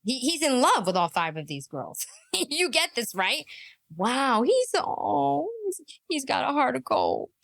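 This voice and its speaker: A woman's voice: high voice, very animated, unhurried, vocal fry, fairly bright tone, dry recording. A woman giving mocking reaction commentary, laughing often and mimicking what she hears.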